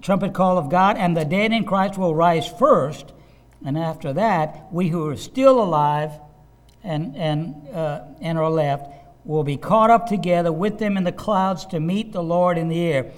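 A pastor preaching a sermon, earnest with playful asides. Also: male voice, high voice, unhurried.

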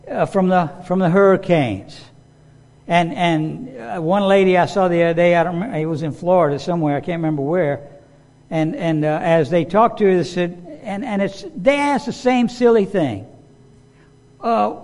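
A man's voice: high-pitched, expressive, normal speed, a little mellow, big-room sound. A man preaching a sermon in a conversational way, with frequent restarts and rising emphasis.

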